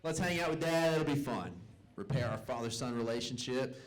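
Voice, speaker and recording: A man's voice: mid-range voice, normal speed, poor audio. A young man doing a stand-up set in a comedy club, telling family stories and acting out his relatives' voices. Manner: Southern-tinged storytelling, acts out family members' voices. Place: comedy club stage with live audience.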